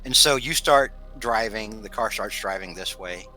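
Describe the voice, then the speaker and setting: A man narrating as game master of a tabletop horror game in a relaxed, halting way. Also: fairly low pitch, faint music behind, low-quality recording.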